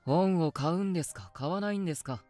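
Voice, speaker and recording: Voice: medium pitch, racing, warm tone, soft background music, natural voice. A voice actor playing a troubled young man in a game, speaking in a shaky, hesitant, defensive way. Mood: subdued.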